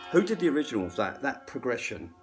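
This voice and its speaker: A man's voice: mid-range voice, sing-song, quick pace. A middle-aged man, a musician, ranting unrehearsed between bits of playing, rambling, self-deprecating and swearing freely. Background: faint guitar playing.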